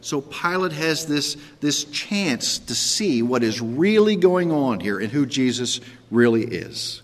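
A man's voice: very animated, takes it slowly, big-room sound. A man preaching a sermon in a conversational way, checking in with "okay?" and sometimes acting out the quoted characters. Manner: acts out Pilate's sarcastic lines in a higher voice. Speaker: pastor.

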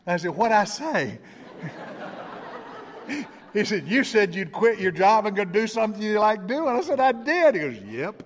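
A man's voice: high voice, animated, fairly quick, few pauses, in a large hall. A man preaching a sermon, telling stories with acted-out dialogue and chuckling along the way.

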